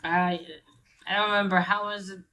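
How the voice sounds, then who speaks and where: A woman casually recapping a comic book plot, halting with many fillers and restarts. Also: medium pitch, flat delivery, bright, forceful tone, rough recording.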